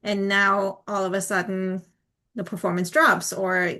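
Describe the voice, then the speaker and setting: A woman's voice: medium pitch, level tone, measured pace, sharp tone. A woman asks questions in a casual podcast chat, thinking aloud and circling back with small fillers. Her voice sits mid-range for a woman.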